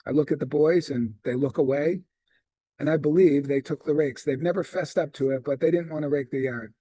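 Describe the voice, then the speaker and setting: Animated middle-aged male sales trainer. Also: fairly high pitch, brisk, dry recording. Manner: animated storyteller acting out dialogue. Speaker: real estate sales trainer. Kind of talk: storytelling sales training talk.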